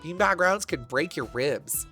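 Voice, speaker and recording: A man's voice: fairly high pitch, expressive, unhurried, sharp tone, faint music behind. A man livestreaming casually, reading his chat messages aloud and answering them with crude, profane jokes. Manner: crude, profane, joking banter.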